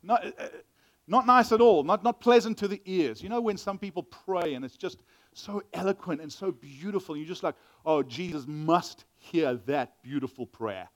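Male pastor, sermon, animated scripture reading, acts out voices, slightly high voice. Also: moderate pace. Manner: animated Bible reading and teaching with dramatic voices.

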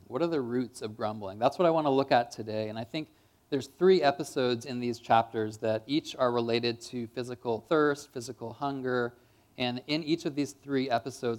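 A man's voice: medium pitch, darkish tone. A man preaching a sermon in a church, in a casual, conversational way with lots of "kind of" and "like.".

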